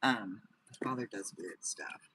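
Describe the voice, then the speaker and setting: A man's voice: on the low side, expressive, a little slow, pushed and bright, recorded from a distance, a little hiss or hum. A man livestreaming from inside the car he lives in at night, rambling and repeating himself as he chats with viewers. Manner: rambling, repeats himself, talks to live chat. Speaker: vlogger living in his car. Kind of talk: casual livestream chat with viewers.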